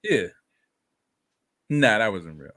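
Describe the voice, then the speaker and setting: A man co-hosting a casual talk show, animated and reading out viewer comments. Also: fairly low pitch, slow. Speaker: podcast co-host. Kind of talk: casual chat.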